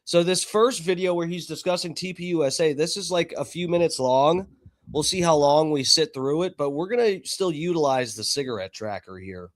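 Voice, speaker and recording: A man's voice: fairly high pitch, normal speed. A man hosting a live stream, chatting casually and swearing freely as he talks to his viewers. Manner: chatty, profane, talks to chat. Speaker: livestream host.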